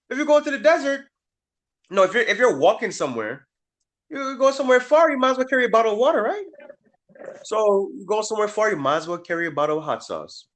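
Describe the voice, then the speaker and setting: A man co-hosting a podcast in casual chat, playful and joking, quick with his reactions. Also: sits high, fairly bright tone. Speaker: podcast co-host.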